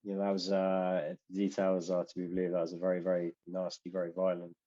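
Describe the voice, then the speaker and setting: Blunt deep-voiced man on a dull mic. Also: completely flat delivery, fast, mellow. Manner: blunt, profane, offhand. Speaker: podcast co-host. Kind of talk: casual sports chat.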